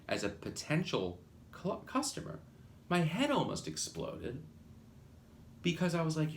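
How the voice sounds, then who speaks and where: A man hosting a podcast, talking through a business lesson in a rambling, animated way that often breaks off mid-phrase and restarts. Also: mid-range voice, a little hiss or hum. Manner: animated, rambling, self-interrupting. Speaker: podcast host, marketing consultant. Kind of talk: casual monologue with acted quotes.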